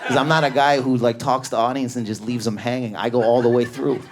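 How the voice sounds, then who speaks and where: A man doing a stand-up comedy set in a club, riffing at high energy on an audience member. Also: fairly even intonation, fast talker. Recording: live club with a laughing crowd. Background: audience laughter.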